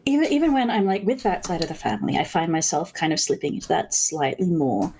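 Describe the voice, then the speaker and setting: A woman's voice: on the low side, very animated, quick pace, darkish tone, slight background noise, poor audio. An Australian woman streamer in casual chat, hesitant with frequent ums. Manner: chatty, hesitant with many ums.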